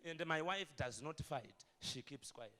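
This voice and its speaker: Speaking at a measured pace, this pastor weaves stories into his sermon with a bright, high tone. His voice swings broadly and forcefully, bursting into shouted peaks as the animated telling builds.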